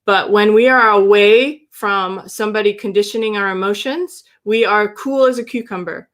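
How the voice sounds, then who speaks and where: A woman's voice: mid-range voice, normal speed. A woman giving a human design reading on a livestream, affirming and meandering, with frequent restarts. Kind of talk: livestream reading, casual chat.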